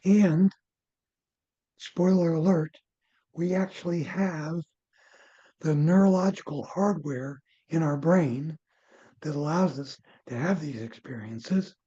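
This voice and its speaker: An older man, a former physician, recounts case stories as an interview guest. His voice is mellow and a bit husky. He gets animated and then drops into soft, low asides. The audio is muffled and lo-fi. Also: slow, long pauses. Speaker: near-death researcher and former physician.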